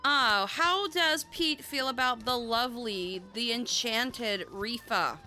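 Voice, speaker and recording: A woman with a bright, forward voice hosts a tarot livestream in casual chat. She is bubbly and loose-tongued, with casual swearing throughout. Faint music plays behind her. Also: fairly high pitch, slow pace. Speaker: tarot reader and livestream host.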